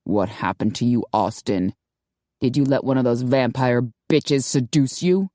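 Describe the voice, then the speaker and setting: A man's voice: medium pitch, a little slow, mellow, no room sound, clean studio sound, voice pushed down, close to an everyday voice. A woman voicing a stern middle-aged male vampire-hunter boss who speaks harshly and with contempt, in an audiobook. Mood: scornful. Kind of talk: audiobook character voice.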